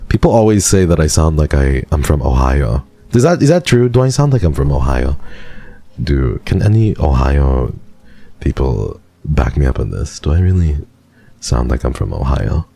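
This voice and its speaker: A man's voice: rumbling low, very animated, moderate pace, vocal fry, mellow, breathy edge. An American man streaming live, chatting casually with viewers in a dry, sarcastic way. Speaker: livestreamer.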